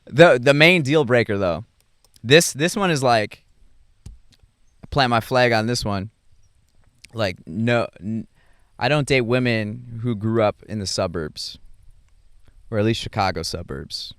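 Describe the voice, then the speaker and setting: A young adult man hosting a podcast, talking through his thoughts in a rambling, halting way with many fillers and restarts. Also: mid-range voice, a bit bright, no room sound, clean studio sound. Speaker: podcast host. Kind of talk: casual reflective monologue.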